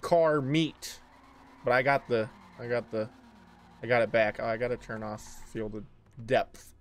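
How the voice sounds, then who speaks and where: A man's voice: medium pitch, steady tone, unhurried. A man streaming a car game live, chatting casually with his viewers, swearing and joking a lot. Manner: profane, joking, talks to chat. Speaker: livestream gamer. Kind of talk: casual gaming livestream commentary.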